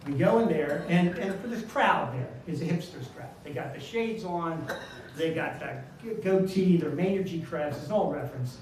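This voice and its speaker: A man's voice: fairly high pitch, expressive, normal speed, a little mellow, a little hiss or hum. An older man telling a self-deprecating comic story on a live stage, chatty and full of asides. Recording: echoey room, mic far off.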